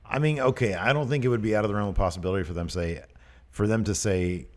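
A man's voice: lowish voice, fast. A man co-hosting a casual podcast, chatting and reading out listener questions with emphasis. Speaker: podcast co-host. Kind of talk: casual wrestling podcast chat.

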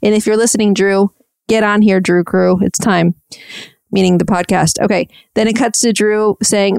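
Soft-spoken woman podcast host, smooth and dry. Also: medium pitch, steady tone, normal speed, dry recording. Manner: chatty and self-deprecating, frequent fillers. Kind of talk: casual storytelling recap.

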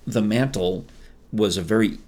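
Lowish-voiced guy co-hosting a podcast at home, chatty, keeps restarting his sentences. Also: normal speed, dark tone. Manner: chatty, with frequent restarts and asides. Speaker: podcast co-host. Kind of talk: casual podcast chat. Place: home dining room.

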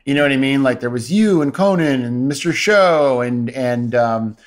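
A middle-aged man sits in as a podcast guest, talking about comedy writing in a laid-back, casual way. His voice sits at a plain middle pitch, and his talk is peppered with fillers. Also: lively intonation, normal speed. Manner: laid-back, many fillers like "like" and "you know". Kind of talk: casual chat.

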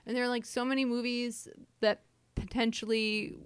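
A woman's voice: on the high side, flat delivery, moderate pace, clear, resonant tone, dry recording. A woman co-hosting a casual podcast chat, hesitant and agreeable, with lots of fillers. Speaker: podcast co-host.

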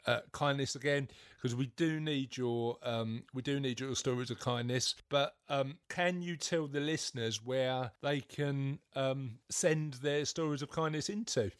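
A man's voice: mid-range voice, unhurried, few pauses, smooth. A man co-hosting a casual podcast, rambling and self-deprecating, often laughing and filling with ums. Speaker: podcast co-host.

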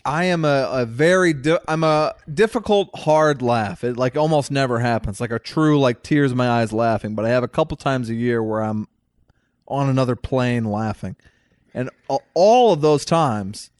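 A man's voice: medium pitch, moderate pace, no room sound, studio quality. A man telling stories in casual chat, rambling and self-deprecating.

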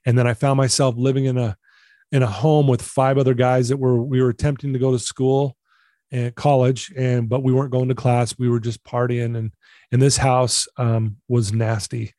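A middle-aged man shares his story in a candid, earnest way, often circling back to the same phrases. His voice is mellow and warm, and the recording is dry and close. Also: medium pitch, level tone, moderate pace, no room sound. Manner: earnest, candid, repeats himself for emphasis. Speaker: guest. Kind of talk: personal storytelling in conversation.

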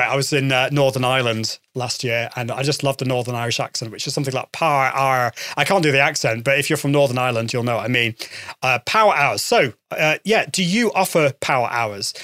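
A man's voice: medium pitch, fairly bright tone, no room sound, clean studio sound. A man hosting his own podcast, chatting enthusiastically and often repeating himself as he talks to listeners. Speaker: podcast host. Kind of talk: solo podcast talk with sponsor read.

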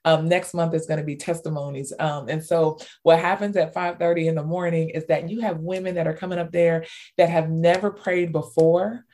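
A woman author as an interview guest, telling stories with lots of fillers and bursts of excitement. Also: deep voice, fairly quick. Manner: animated storyteller, many fillers, squeals in retold cheers. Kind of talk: casual interview talk.

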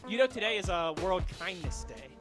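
A man's voice: high-pitched, lively intonation, fairly quick, music in the background. A man hosting a sports talk radio show from a studio, upbeat, jokey and chatty. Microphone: studio microphone.

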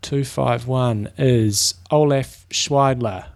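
A man's voice: mid-range voice, slow, gravelly. A man with a New Zealand accent co-hosting a casual podcast, chatty and thinking aloud as he looks things up. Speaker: podcast co-host. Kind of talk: casual chat.

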